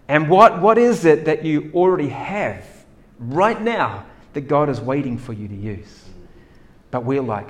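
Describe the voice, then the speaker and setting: A man preaching a sermon, acting out doubts and voices of the people in the story with big swings in loudness. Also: on the high side, a little slow. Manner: animated, acts out characters' doubts with dramatic swings in loudness. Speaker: pastor.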